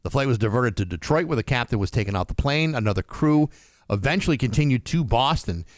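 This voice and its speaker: A man's voice: medium pitch, animated, fast talker, dry recording, studio quality. Male radio host reading news. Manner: stumbling restarts. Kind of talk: casual radio banter and news read. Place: radio studio. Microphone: studio mic.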